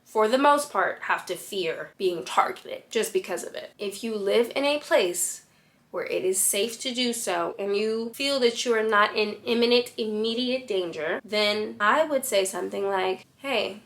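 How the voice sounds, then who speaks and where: A woman's voice: mid-range voice, a little slow, fairly bright tone. A woman giving blunt, sassy dating advice straight to camera as a fashion influencer. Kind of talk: talking-head advice vlog.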